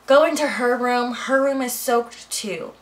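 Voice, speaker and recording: A woman's voice: a little high, unhurried, low-quality recording. A young adult woman in a casual storytime vlog, chatting animatedly from her home office and acting out quoted dialogue. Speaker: vlogger.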